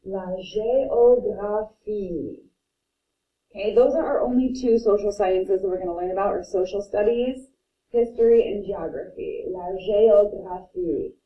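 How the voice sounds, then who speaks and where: A woman teaching a French vocabulary lesson, slowly repeating each word and thinking aloud as she writes. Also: medium pitch. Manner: repeats words slowly and carefully, thinking aloud while writing. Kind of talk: slow classroom pronunciation lesson. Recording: dull, roomy sound from a distance.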